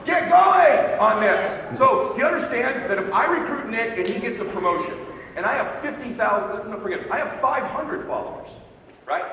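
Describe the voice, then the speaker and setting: A man's voice: extremely high pitch, noisy background. A man giving a brash, pushy motivational talk to a sales team onstage, often asking the crowd if they are following. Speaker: motivational speaker. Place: large hall, stage at a live event. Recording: very echoey hall, voice from far off.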